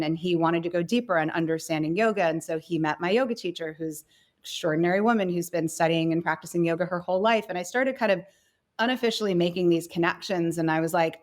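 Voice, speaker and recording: A woman in her thirties, a company co-founder, talking through her career in a relaxed podcast interview, reflective and full of fillers. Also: on the low side, fast talker. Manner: reflective, many fillers like "you know" and "kind of". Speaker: guest, company co-founder and CEO.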